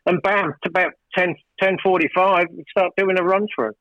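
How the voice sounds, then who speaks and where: A man's voice: sits high, moderate pace, no echo, highs cut off. Man rambling through a studio story. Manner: rambling, hesitant, many fillers and restarts; grows animated and emphatic telling a story. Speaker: record producer, guest. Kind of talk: casual interview storytelling.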